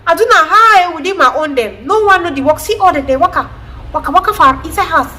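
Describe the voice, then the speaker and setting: A woman voicing a nagging, disapproving mother, loud and mocking. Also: very high voice, lively intonation, fast, voice pushed up, heavily acted.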